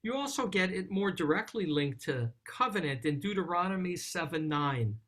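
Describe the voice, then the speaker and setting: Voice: medium pitch, animated, moderate pace, a bit bright. A rabbi giving a Psalm study talk, reciting Hebrew verses and then translating them in a thoughtful, explaining way.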